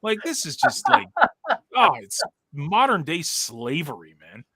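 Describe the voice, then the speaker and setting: Fired-up ranting man, bright and high. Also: huge pitch swings, measured pace, slightly rough, no echo. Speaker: co-host. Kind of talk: casual sports podcast chat.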